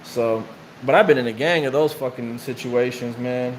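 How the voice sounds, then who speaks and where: A man's voice: medium pitch, moderate pace, slight background noise. A man casually telling rambling, profane prison stories in slang while his friend draws on him. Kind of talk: casual storytelling while getting tattooed.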